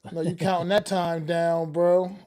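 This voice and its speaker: A man's voice: a little high, little pitch movement, normal speed, darkish tone. A man hosting a sports podcast in a casual, slangy way, greeting listeners and repeating himself. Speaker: podcast host.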